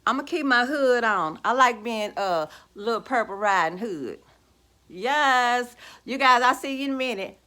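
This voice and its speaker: A woman's voice: fairly high pitch, expressive, a little slow, sharp tone. A woman, talking to her viewers from home in a sassy, gloating, casual vlog rant. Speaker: vlogger. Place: at home, indoors.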